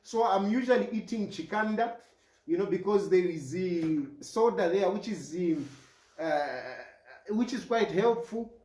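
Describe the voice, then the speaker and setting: A Zambian man addresses the camera in an earnest, pleading way and repeats his main points. His voice sits fairly high for a man and he talks slowly and deliberately. The room around him gives off a clear echo. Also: a little mellow. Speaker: mayoral candidate.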